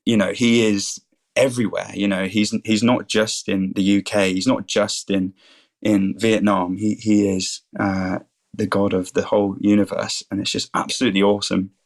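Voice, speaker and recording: A man's voice: lowish voice, level tone, moderate pace, creaky. A 21-year-old man, a guest on a podcast, eagerly telling faith stories and keeps calling things awesome. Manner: enthusiastic, keeps saying things are awesome. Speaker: podcast guest, student and rugby player.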